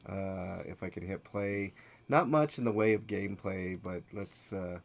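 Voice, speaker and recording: A man's voice: deep voice, measured pace, gravelly. A man hosting a casual gaming news podcast, reading stories with lots of filler words and teasing his co-host. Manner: reads game news with many filler "uh"s, teasing. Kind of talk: casual livestream news chat.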